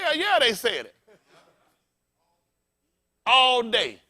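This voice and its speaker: High-voiced animated preacher man. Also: unhurried, pauses often. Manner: loud call-and-response preaching, blunt and profane; animated, often laughing. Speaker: pastor. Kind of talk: sermon.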